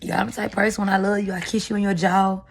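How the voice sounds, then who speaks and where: A woman's voice: mid-range voice, level tone, very fast, creaky. A woman vlogger talking candidly to camera, rambling and confessional as she vents. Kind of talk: venting to camera. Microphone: camera mic.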